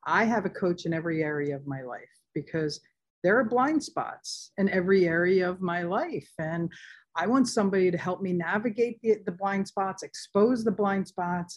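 A woman's voice: on the low side, normal speed. Emphatic woman speaking motivationally. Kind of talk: casual conversational interview.

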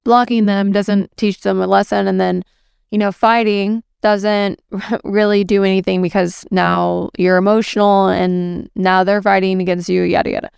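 Smooth, slightly gravelly woman coach. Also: medium pitch, flat delivery, normal speed, a little mellow, no echo, studio quality. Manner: affirming and candid, casual with fillers. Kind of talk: motivational talk to women.

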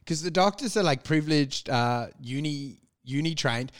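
Crude joking man, high voice. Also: lively intonation. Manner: crude, joking, acts out voices in quick bits. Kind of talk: casual comedic chat.

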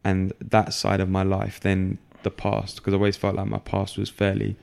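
Speaking as a guest, a young man shares his story openly, his speech broken by pauses, restarts and plenty of fillers. His voice is very low and gravelly, the tone flat and even.

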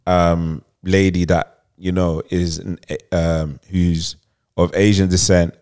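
A man's voice: low voice, little pitch movement, slow pace, a little mellow, clean tone. A man, co-hosting a podcast, casually retelling a plot with lots of fillers and laughter. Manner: rambling, many fillers, laughs while telling. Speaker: podcast co-host.

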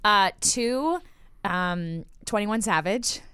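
Woman, podcast host, bubbly, giggly, casual chat, smooth clear voice, dry studio sound. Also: mid-range voice, expressive, very slow, fairly bright tone, dry recording. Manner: bubbly, laughs often between words.

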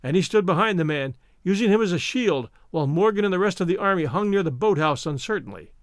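A man reads a novel aloud in a steady audiobook narration. His voice is high for a man and very lively in pitch. The recording is dry and close. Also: quick pace, dry recording.

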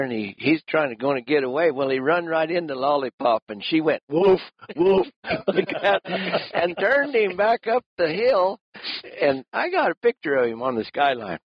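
A man's voice: mid-range voice, breathy edge, dry recording. A man telling a rambling ranch story about hunting, in a folksy rural way with frequent laughs. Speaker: rancher and lion hunter. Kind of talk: casual storytelling. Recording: dull lo-fi sound.

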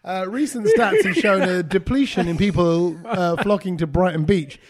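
Animated man in playful banter. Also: high-pitched, normal speed. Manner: playful, animated banter, does bird noises. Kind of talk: casual chat.

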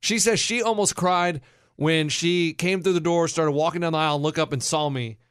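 A man co-hosting a talk show in casual banter, animated and defensive as he tells stories. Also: a little high, normal speed, clean tone, no echo, studio quality. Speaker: radio show co-host.

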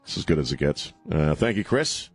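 A man's voice: extremely low pitch, very animated, a little fast, husky, faint music behind. A man hosting a call-in radio show, rambling and joking with restarts in a loose, casual manner. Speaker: radio talk show host. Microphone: studio microphone.

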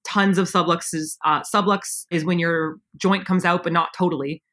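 A woman's voice: lowish voice, steady tone, moderate pace, fairly bright tone. A woman in her thirties, born in Canada, talking as a guest on a remote interview in a candid, chatty storytelling way. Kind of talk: casual conversational interview.

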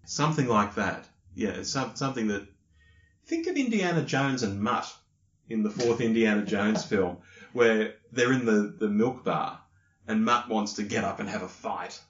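An Australian man co-hosting a podcast in casual chat, relaxed and laconic, and quick to laugh. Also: on the low side. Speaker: podcast co-host. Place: hotel room. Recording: lo-fi echoey room recording.

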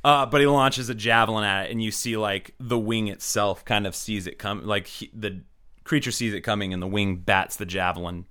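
A man's voice: lowish voice, fairly even intonation, moderate pace, pushed and bright. A man narrating as dungeon master in a loose, casual way, full of filler words. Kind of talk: narrating a tabletop game.

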